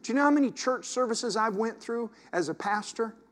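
A man preaching a sermon as pastor, swinging from hushed asides to loud, impassioned exhortation. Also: extremely high pitch, lively intonation, brisk.

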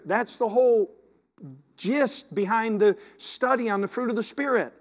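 A man preaching a sermon as pastor, swinging from hushed asides to loud, impassioned exhortation. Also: extremely high pitch, a little slow.

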